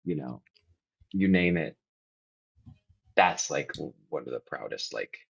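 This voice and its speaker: A man's voice: extremely low pitch, expressive, slow pace, gravelly, slightly rough, dull audio. A man speaking as a podcast guest, sharing candidly and earnestly, reflective and sometimes rising to emphatic bursts. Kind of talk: candid confessional conversation.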